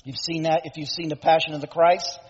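High-voiced, husky male preacher. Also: flat delivery, fairly quick. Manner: emphatic storytelling, self-interrupting. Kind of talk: sermon, dramatic retelling. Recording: echoey hall, dull lo-fi.

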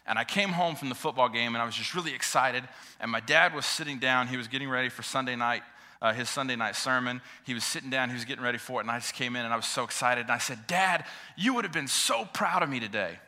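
Bright-voiced earnest man preaching. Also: mid-range voice, steady tone, fast. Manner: earnest, emotional, dynamic delivery with swells and drops. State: tearing up. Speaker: pastor. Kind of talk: sermon.

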